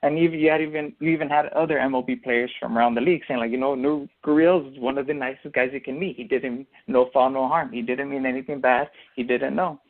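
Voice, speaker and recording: Talking fast with few pauses, a man with a medium-pitched, steady voice co-hosts a laid-back sports podcast. He goes on at length explaining his view, stumbling through fillers and restarts, over tinny phone-like audio.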